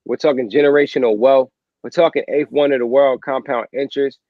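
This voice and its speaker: A man with a middle-pitched voice hosts a livestream panel, laid-back and speaking straight to viewers. His audio is dry and a little muffled, like a video call. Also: steady tone, fast talker, dry recording. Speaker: livestream host.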